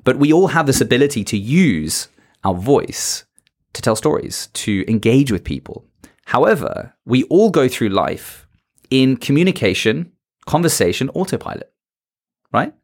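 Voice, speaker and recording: A man's voice: medium pitch, big pitch swings, normal speed. A man as a podcast guest and public speaker, animatedly giving advice and shifting his tone and pace to make his points. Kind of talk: motivational talk in a conversation.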